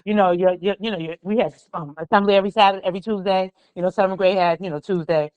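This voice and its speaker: A woman's voice: medium pitch, fast, no echo, dull audio. A woman from the Bronx. She is a guest and tells stories in a casual chat, acting out the people she quotes. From the Bronx, New York. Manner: animated storyteller, acts out quoted voices. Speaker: guest, pastry chef. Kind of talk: casual conversation.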